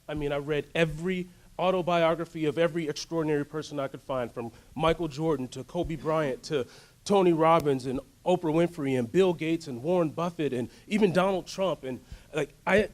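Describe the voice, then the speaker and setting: A man giving a motivational workshop talk, telling a story in an animated way and asking the audience to join in. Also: fairly high pitch. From United States. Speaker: workshop speaker. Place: workshop room.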